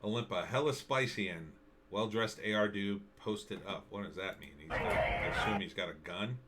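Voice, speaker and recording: A man giving solo political commentary on news and video clips, indignant and halting, repeating himself and restarting his sentences. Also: lowish voice, noisy background.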